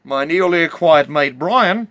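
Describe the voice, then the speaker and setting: A man's voice: fairly high pitch, expressive, unhurried, fairly bright tone, no room sound. A middle-aged man telling a rambling comic yarn, stammering and full of hesitations. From New Zealand. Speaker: storyteller.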